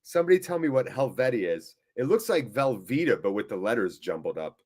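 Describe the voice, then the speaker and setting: Sweary, weary football watchalong host. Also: male voice, mid-range voice, sing-song, brisk, darkish tone. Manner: sweary, jokey, reads out chat messages; weary and deflated. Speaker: host of a live fan watchalong stream. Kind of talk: casual live-stream chat reading viewer comments.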